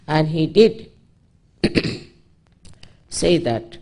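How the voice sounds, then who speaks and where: A woman's voice: low-pitched, animated, very slow, dark tone. A woman from India with an Indian English accent, giving a public spiritual talk in an emphatic, storytelling way with frequent asides. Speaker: spiritual teacher.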